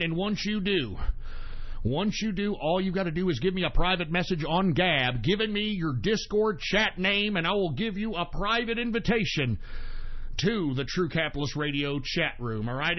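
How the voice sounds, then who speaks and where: A man hosting an internet radio show in a furious, profane rant, cursing constantly and swinging from screamed outbursts to low grumbling while drinking beer. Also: highs cut off. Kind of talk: angry profane on-air rant.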